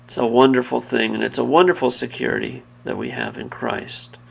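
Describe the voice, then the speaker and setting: A man giving an earnest, reflective personal devotional talk, pausing and restarting mid-thought. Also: mid-range voice, steady tone, creaky. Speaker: devotional video speaker.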